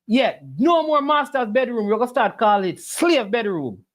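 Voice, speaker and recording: Lively argumentative streamer. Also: medium pitch, moderate pace. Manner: argumentative, preachy, rhetorical questions. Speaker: livestream host answering chat. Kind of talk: casual argumentative livestream talk.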